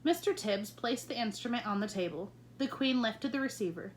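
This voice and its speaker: Woman teacher, storybook read-aloud, expressive, lively, fairly high voice. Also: normal speed, slight background noise. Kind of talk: reading a children's novel aloud.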